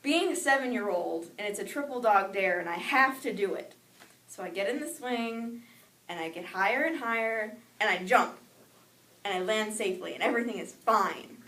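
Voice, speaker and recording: A young woman telling a personal childhood story in a lively way, acting out the voices she quotes. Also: mid-range voice, normal speed. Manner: animated, acts out quoted voices. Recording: echoey room with noise, mic at a distance.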